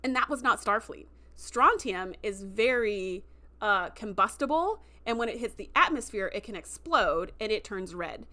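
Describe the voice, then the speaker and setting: A woman voicing a composed starship captain and mother, explaining in a measured, firm way. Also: mid-range voice, expressive, pushed and bright.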